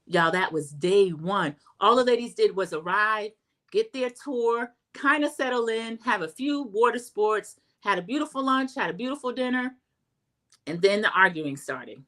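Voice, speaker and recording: A middle-aged woman, chatting through a casual TV recap and acting out quotes in a high voice. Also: expressive, normal speed, fairly bright tone. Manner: chatty, acts out quotes in a high voice, says "y'all". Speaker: recap host.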